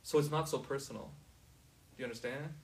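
A man's voice: mid-range voice, fairly even intonation, a little fast, recorded from a distance, low-quality recording. Man teaching a class from across the room. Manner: asks the class often if they understand.

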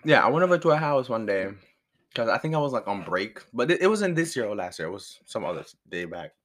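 Young guy just rambling thru a story, swearing and laughing, pretty average pitch. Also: sing-song, fast, a bit bright. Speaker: storyteller vlogger. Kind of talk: casual storytime monologue.

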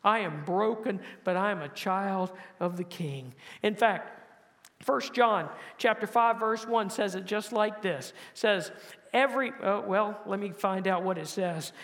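A man preaching a sermon as pastor, building to emphatic, louder phrases and then dropping soft and low to close each point. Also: unhurried. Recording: long hall reverb.

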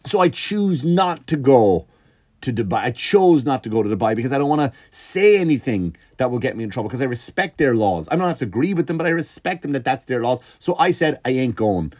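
A man doing a profane comedic rant, jumping up and down in pitch. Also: brisk, no room sound, studio quality. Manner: profane, animated, swinging pitch.

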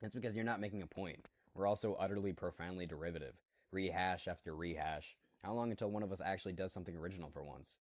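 A man's voice: low-pitched, quick pace, few pauses, no room sound, close to an everyday voice. A man reading aloud as a crude, preachy artist who rants at fellow artists, his throat dry and scratchy. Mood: ranting. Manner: crude, preachy, profane rant. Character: ranting male artist addressing fellow artists.

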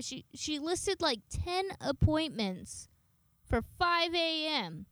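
A woman's voice: fairly high pitch, moderate pace, clear, resonant tone, no echo, clean studio sound. A young woman casually telling a story, swearing often and acting out the people she talks to. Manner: chatty, swears a lot, dramatic retelling of dialogue.

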